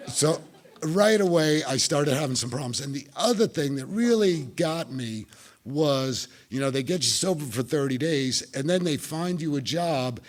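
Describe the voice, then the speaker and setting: Man, New Jersey accent, middle-aged, recovery talk, wry storytelling, mid-pitched voice. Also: animated, moderate pace. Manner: wry, self-mocking humor. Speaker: speaker sharing recovery story.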